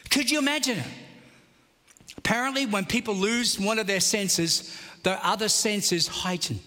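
A male pastor preaches with fervour and calls out to his congregation for a response. His voice is very high and bright, often rising to a shout. It rings through a large church hall with a long reverb. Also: animated, moderate pace. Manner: fervent, call-and-response preaching. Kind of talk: sermon.

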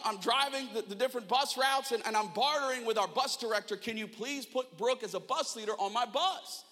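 A young man preaching a sermon, telling a funny personal story with self-mocking animation and shouted asides in a church auditorium. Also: high voice. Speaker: pastor. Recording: long hall reverb.

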